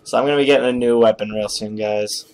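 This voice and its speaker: A man playing a video game and commentating casually, excitable and swearing often. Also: mid-range voice, fast talker, slight background noise. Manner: profane, excitable, laughing often. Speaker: gamer. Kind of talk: let's-play commentary.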